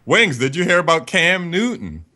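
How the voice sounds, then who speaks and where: A man's voice: a little high, very animated, normal speed, bright, forceful tone. A man co-hosting a casual podcast, bantering loosely and swearing freely. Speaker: podcast co-host.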